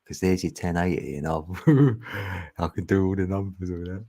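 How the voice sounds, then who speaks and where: A man's voice: low-pitched, normal speed, gravelly, mellow. A man talking in a rambling, chatty livestream monologue, laughing often and thinking aloud. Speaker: livestream host.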